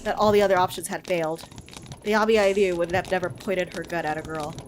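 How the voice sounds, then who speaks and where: A woman reading the narration of a haunted woman detective in a game, in a low, hushed, somber voice. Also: fairly even intonation, fast, a little hiss or hum, natural voice. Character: haunted woman detective recalling her own deed.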